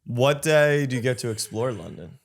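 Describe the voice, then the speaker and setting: A male podcast host talks casually and easily. He keeps up a steady run of chatty follow-up questions and prods his guest along. His voice sits at an ordinary middle pitch. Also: normal speed. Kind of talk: casual podcast interview chat.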